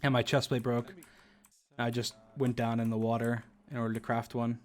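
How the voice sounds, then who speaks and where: A man's voice: mid-range voice, flat delivery, normal speed, a crowd in the background. A young man streaming, casually talking through his own gameplay with rambling restarts and frequent chuckles. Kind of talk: casual gaming commentary.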